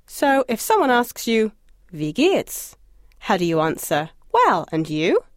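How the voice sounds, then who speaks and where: A woman's voice: a little high, wildly swooping pitch, takes it slowly, no echo. Woman teacher talking thru an audio lesson, encouraging, bouncy intonation, dead dry sound. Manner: encouraging, lightly humorous. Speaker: language course instructor. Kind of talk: scripted audio lesson narration.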